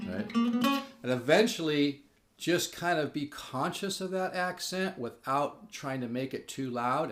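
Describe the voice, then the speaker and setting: A man giving a casual spoken guitar lesson, rambling with fillers and restarts and growing enthusiastic. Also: mid-range voice. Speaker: guitar teacher. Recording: echoey room with guitar playing.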